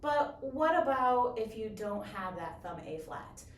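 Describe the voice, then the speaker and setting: A woman explaining bassoon technique in a clear, encouraging, step-by-step way. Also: lively intonation, measured pace. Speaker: bassoon teacher. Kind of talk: instructional explanation. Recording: roomy echo, from a distance.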